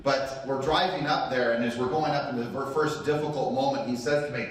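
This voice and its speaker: A real estate training speaker with a mid-range voice delivers a brisk motivational talk before a live crowd, bringing his story to life by acting out quotes. He's recorded at a distance from the mic in a heavily echoing room.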